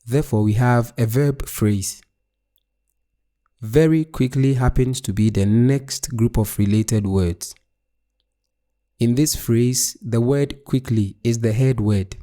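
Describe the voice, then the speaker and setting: A man from West Africa narrating a scripted grammar lesson in a slow, measured, deliberate way. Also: medium pitch, warm tone. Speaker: English teacher.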